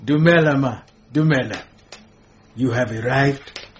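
An actor playing a gentle, nervous middle-aged man who pleads hesitantly, in a radio drama. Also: medium pitch, a little slow, dull audio, natural voice. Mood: mild.

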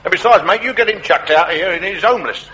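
A brash, quick-talking landlord, all lip and "mate" this and "mate" that, in a high, bright voice. The recording sounds old, with a muffled tone and a faint hiss underneath. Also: male voice. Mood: cocky. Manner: brash, argumentative, says "mate" constantly. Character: cheeky working-class male slum landlord, lippy. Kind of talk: comedy sketch acting.

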